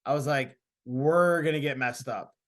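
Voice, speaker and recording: A man in his thirties, a podcast host, telling a story in casual chat, animated and laughing as he talks. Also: medium pitch, normal speed.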